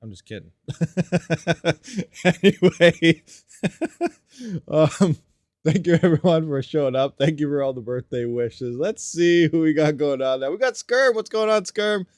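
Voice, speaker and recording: A man with a slightly higher-pitched voice chats casually through a live stream, joking and greeting viewers one by one. He talks into a desk mic at his home workstation, and the sound is close and dry, with no room echo. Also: unhurried, long pauses, darkish tone. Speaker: livestream host.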